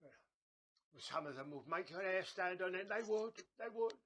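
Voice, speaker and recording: A man's voice: high voice, expressive, unhurried, fairly bright tone. A man playing a chatty, scheming old woman fortune teller, rambling and stammering theatrically. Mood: gossipy. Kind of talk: comedy sketch acting.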